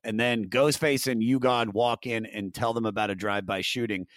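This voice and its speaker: A man's voice: fairly low pitch, fairly even intonation, normal speed, no room sound, studio quality. A man hosting a podcast in casual, profane chat, steering the talk through an album track by track. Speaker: podcast host.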